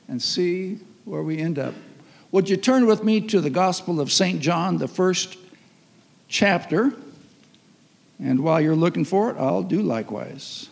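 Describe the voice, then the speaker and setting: Storytelling pastor in a reverberant hall. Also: male voice, high-pitched, unhurried, vocal fry, pauses often. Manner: storytelling, animated, acts out voices. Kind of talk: sermon. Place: church hall. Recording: long reverb of a church hall.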